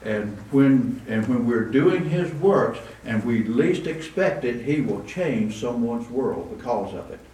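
A man's voice: mid-range voice, lively intonation, slow, hardly any pauses, a little mellow. A man preaching a conversational sermon, with asides and restarts, recorded in a church. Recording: roomy echo, distant mic, faint room noise.

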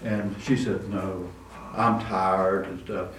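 A man's voice: low-pitched, steady tone, slow, a bit bright. Guy preaching, chatty and rambling, mic far off, echoey room w faint hum. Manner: conversational, with frequent restarts and asides. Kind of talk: sermon. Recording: roomy echo, distant mic, faint room noise.

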